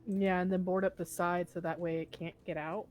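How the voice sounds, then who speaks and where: Female player, casual and hesitant, lower voice. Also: flat delivery, brisk, a little mellow, poor audio. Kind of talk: casual tabletop play.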